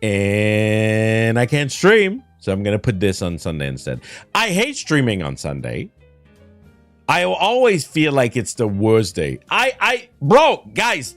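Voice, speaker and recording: A man's voice: medium pitch, wildly swooping pitch, a little slow, fairly bright tone, no echo, soft background music. A man from Quebec whose first language is French, with a Quebec French accent, chatting casually on a livestream in a whiny, ranting way, laughing often and swearing. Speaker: streamer.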